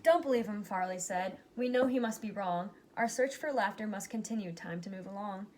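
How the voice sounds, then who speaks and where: A woman reading a rhyming picture book aloud, giving its characters lively but plain voices. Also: medium pitch, moderate pace, slight background noise. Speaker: reader.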